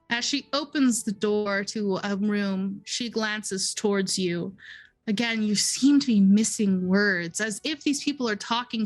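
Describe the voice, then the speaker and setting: A woman game master narrates a dream sequence at a very slow, deliberate pace, in second person. Her voice is mid-pitched, with faint music playing beneath it. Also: rough recording.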